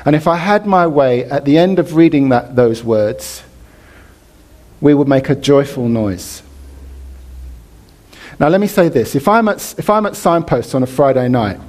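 A man preaching a sermon in church, animated, leading the congregation in reading and response. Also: medium pitch.

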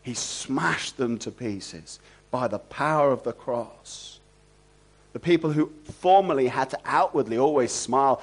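A man preaching an expository sermon, animated and asking the congregation rhetorical questions. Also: medium pitch, unhurried, breathy edge.

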